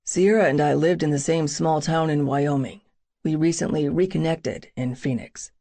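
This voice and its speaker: A woman's voice: sits low, normal speed, dark tone, voice pushed down. A woman voicing a confident, protective young male soldier in an audiobook, with a dry, teasing way of talking.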